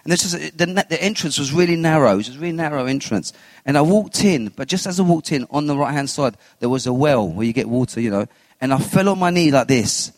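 A man giving a personal faith testimony as an interview guest, telling his story with animated retellings of what he said and thought. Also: medium pitch, fast talker, no room sound, big-room sound. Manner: animated storyteller who acts out his own quotes.

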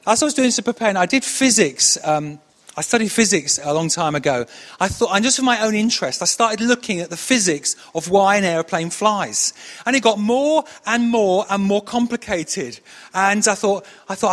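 A man's voice: high voice, normal speed, fairly bright tone, big-room sound. A man preaching a sermon, telling stories in a conversational way with frequent restarts. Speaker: pastor.

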